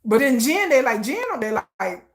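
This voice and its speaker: A woman giving casual live reaction commentary, gossiping in an animated way and acting out quoted lines. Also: on the high side, moderate pace.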